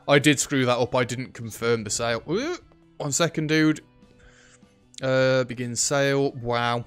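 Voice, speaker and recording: A man's voice: mid-range voice, a little slow, smooth, faint music behind. A man chatting and joking through a shop management game, talking to the customers on screen. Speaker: gaming YouTuber. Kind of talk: let's play commentary.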